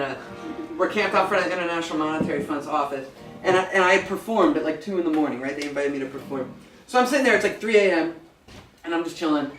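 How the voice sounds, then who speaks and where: American male folk singer, high-pitched, chatty and profane stage storyteller, captured from across a roomy venue. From United States. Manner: casual, profane, animated storyteller. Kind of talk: storytelling between songs at a live show. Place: small music venue. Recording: roomy, distant live recording with music.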